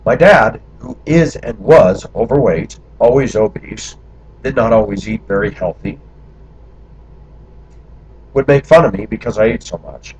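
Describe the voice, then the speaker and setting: A man's voice: lowish voice, lively intonation, unhurried, long pauses, a little mellow, a little hiss or hum. A man from the United States telling personal memories in a candid monologue, talking through them in long run-on stretches. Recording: dull lo-fi recording.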